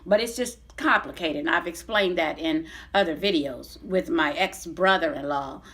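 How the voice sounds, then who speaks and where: A woman's voice: low-pitched, normal speed, a bit bright, slightly rough. A middle-aged woman telling a long personal story to her viewers in a blunt, chatty way, swearing freely and often restarting her sentences. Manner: blunt, profane, chatty retelling with many restarts. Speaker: vlogger. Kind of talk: casual storytelling to camera.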